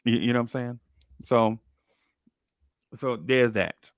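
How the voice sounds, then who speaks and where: A man's voice: medium pitch, takes it slowly, no room sound, clean studio sound. A young man co-hosting a casual podcast chat, rambling and repeating words as he thinks. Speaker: podcast co-host.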